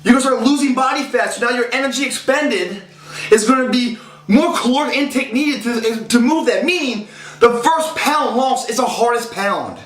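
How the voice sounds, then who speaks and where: A man's voice: extremely high pitch, expressive, moderate pace, fairly bright tone, roomy sound. A man in his thirties giving a casual motivational fitness talk, intense and profane, rambling, his voice rising when he gets fired up.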